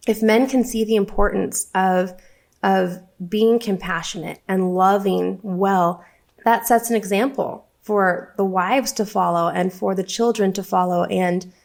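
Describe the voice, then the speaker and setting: Woman, podcast guest, earnest, heartfelt, mid-pitched voice. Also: creaky, a little mellow. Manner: earnest, heartfelt, speaks with conviction. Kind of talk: earnest conversational interview.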